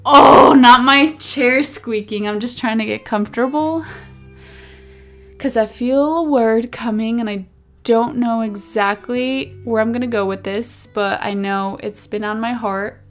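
A young woman hosting her own podcast in a chatty, rambling, animated way, seated indoors at a podcast mic. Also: fairly high pitch, a little slow, soft background music. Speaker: podcast host. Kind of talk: casual solo podcast talk.

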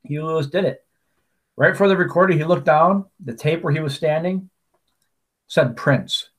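A podcast co-host chats casually in a fairly high, fairly bright voice at a moderate pace. He's a talkative storyteller whose tales are full of asides and restarts.

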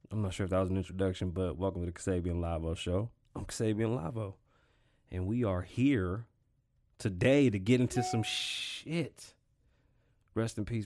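A man's voice: fairly low pitch, darkish tone. Laid-back, foul-mouthed male podcast host. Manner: loose, profane, rambling street talk. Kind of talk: casual solo podcast monologue.

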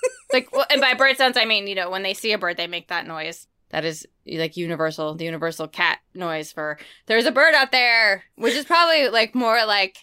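A woman in her forties co-hosts a podcast in a casual, playful chat. Her voice is bright and clear and a little high, and her pitch jumps around freely as she talks. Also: a little fast. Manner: animated, playful, slips into silly voices for stories. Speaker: podcast co-host. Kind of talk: casual chat about books and daily life.

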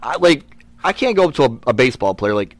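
A man's voice: mid-range voice, big pitch swings, fast, no echo. A former wrestler speaking earnestly in casual conversation, often restarting his sentences. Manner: earnest, reflective, with many restarts.

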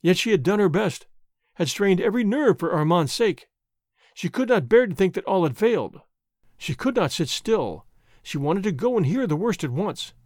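A male narrator reading a classic novel in a high, very lively voice. His storytelling is expressive and steady. The sound is close and dry, with no room around it. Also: normal speed, no room sound.

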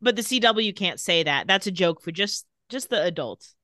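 A woman's voice: medium pitch, normal speed, no echo, clean studio sound. A woman co-hosting a podcast, casually retelling a TV episode and acting out its lines. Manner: animated, acts out lines from the show with laughs. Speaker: podcast co-host recapping a TV episode. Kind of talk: casual chat, retelling scenes.

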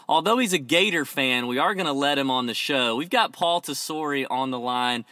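A man's voice: mid-range voice, normal speed, bright, forceful tone, no room sound. A man hosting a podcast in a friendly, joking manner, with plenty of casual fillers. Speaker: podcast host.

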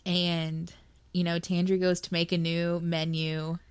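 A woman with a lowish voice chats casually as a podcast co-host. She gets emotional, laughs a lot and swears freely. The sound is close and dry. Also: level tone, unhurried, clear, resonant tone, no room sound. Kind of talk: casual book chat.

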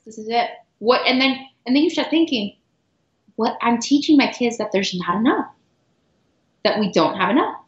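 A middle-aged woman guest telling a personal story earnestly, with halting restarts and repeated words. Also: a little high, expressive. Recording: roomy, dull lo-fi sound.

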